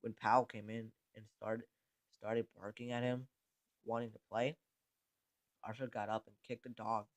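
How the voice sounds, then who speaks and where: A man narrating a creepypasta, reading haltingly with frequent stumbles and restarts. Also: fairly low pitch, level tone, no room sound.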